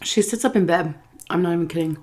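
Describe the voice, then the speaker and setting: A woman from Texas telling a story time while she eats, chatty and animated, quoting dialogue with soft asides about her food. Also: fairly low pitch, fast talker. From Texas, USA. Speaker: food vlogger.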